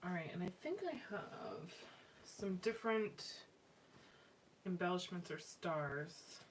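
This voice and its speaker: Slow-paced and low-voiced, a woman scrapbooks live on her craft stream, chatting loosely with lots of fillers and restarts. The recording has faint background noise from a mic placed a little far off.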